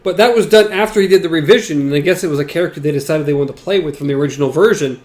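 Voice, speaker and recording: A man co-hosting a book podcast in casual chat, relaxed, sometimes reading passages aloud. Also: a little high, very fast. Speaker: podcast co-host.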